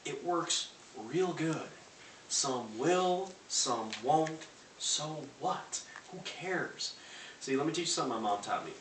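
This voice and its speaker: This young man speaks slowly with a slightly high, somewhat bright voice and lively intonation, giving a brash network marketing presentation and pelting a live audience with rhetorical questions. He's in a large room in a house, recorded from a distance with roominess and faint hiss.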